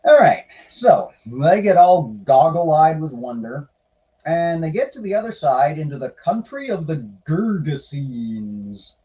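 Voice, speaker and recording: A man's voice: on the high side, big pitch swings, takes it slowly, warm tone, muffled recording. A man giving irreverent, sarcastic casual commentary while reading scripture aloud, swearing now and then. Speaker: podcaster reading and commenting on the Bible.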